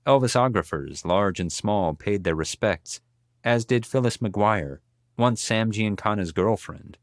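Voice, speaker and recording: A very deep male voice reads a biography audiobook in a measured, steady way. The sound is close and completely dry, with no room around it. He tells the story evenly, line after line. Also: no echo. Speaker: audiobook narrator. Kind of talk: scripted narration.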